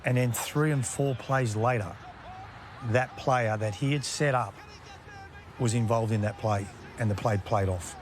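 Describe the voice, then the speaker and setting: A man, a former referee telling stories in a relaxed interview and chuckling at his own anecdotes. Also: mid-range voice, measured pace, a little hiss or hum. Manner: laid-back yarn-spinner, acts out quotes, chuckles. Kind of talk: casual storytelling interview.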